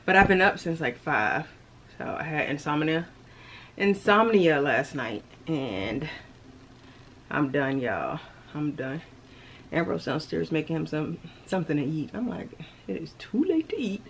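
A woman's voice: low voice, slight background noise. A young woman chatting casually to her viewers in a vlog, laughing often and talking to them as y'all; she is tired. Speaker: vlogger.

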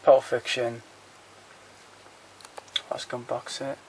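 A man with a gravelly, creaky edge to a mid-pitched voice gives a loose, unscripted walkthrough of his home film shelves. He is blunt and opinionated and swears without a second thought. He often stops and trails off between titles, with a faint hiss under the handheld camera's sound. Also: level tone, slow, a little mellow. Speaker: collector showing his film collection. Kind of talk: casual rambling walkthrough.

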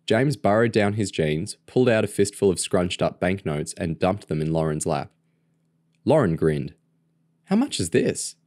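A man narrating a novel aloud in a steady, even reading voice. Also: low voice, moderate pace, no echo, studio quality. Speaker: audiobook reader. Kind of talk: storybook narration.

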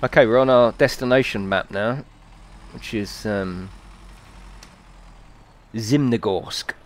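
A man's voice: fairly low pitch, takes it slowly. A man live-streaming a video game, chatting playfully with his viewers, reading their messages aloud and laughing often.

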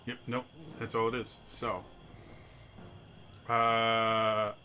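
Man, game master, halting narration, lowish pitch, bright. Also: steady tone, a little hiss or hum. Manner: halting, stuttering restarts.

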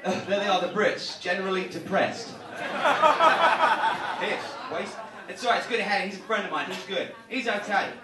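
English comic, high-pitched, brash crowd work, roomy live mic from a distance. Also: male voice, heavy background noise. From England. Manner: brash, mocking, quick crowd banter. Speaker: stand-up comedian. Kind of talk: live stand-up comedy set. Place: comedy show room. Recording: echoey room from far off, crowd laughter.

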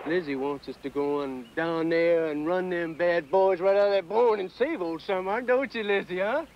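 An actor playing a rowdy, excitable country man who hollers to rouse a crowd in a film. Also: high-pitched, a little slow, highs cut off, noisy background. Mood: rousing.

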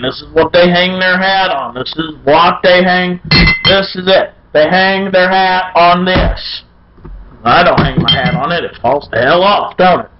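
Brief: high-voiced male beer vlogger, brash and folksy, dull lo-fi recording. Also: noisy background. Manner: loud, folksy and irreverent, with playful chants. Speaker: beer review show host. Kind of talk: casual beer review vlog.

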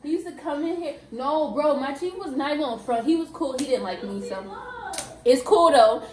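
A woman's voice: high voice, a little mellow. Young woman gabbing in slang, sounds far off, little bit of hiss. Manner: quick, slangy, laughing. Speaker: Navy recruit. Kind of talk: casual chat among roommates. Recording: echoey room, camera from afar, faint hiss.

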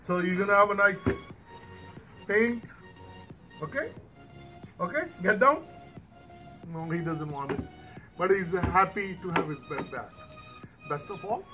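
A man filming his dogs at home, narrating casually and coaxing his dog fondly. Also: high-pitched.

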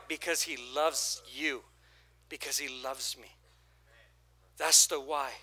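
A male pastor preaching in a church with a high-pitched, very bright and forceful voice. He tells the story in a casual, slangy way, stressing each point and drawing answers from the congregation. The delivery stays emphatic and lively throughout. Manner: lively, emphatic preaching with crowd call-and-response. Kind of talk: sermon.

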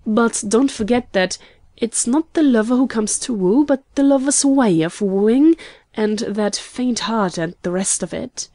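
A cheerful, teasing young lady, read by a woman in an audiobook, her voice climbing into bright, high exclamations. Underneath, the tone stays mellow, and the recording is close and dry. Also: unhurried, dry recording, natural voice. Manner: playful, lifting into high exclamations. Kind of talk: audiobook character reading.

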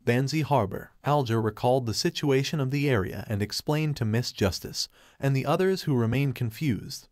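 Steady male audiobook narrator, dry sound. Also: medium pitch, moderate pace, few pauses, no echo. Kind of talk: scripted narration.

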